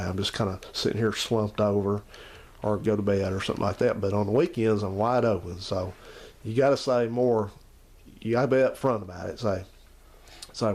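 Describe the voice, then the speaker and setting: Talking in a lowish, slightly mellow voice, a man who runs a channel chats with his uncle and the camera. His talk is casual and rambling, he repeats himself, and he speaks to both his uncle and the viewers.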